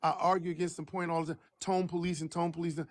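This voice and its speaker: A married man with a baritone voice co-hosting a live stream chat, lecturing emphatically and slowing down to stress his points. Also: flat delivery. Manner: preachy, emphatic, slow for stress.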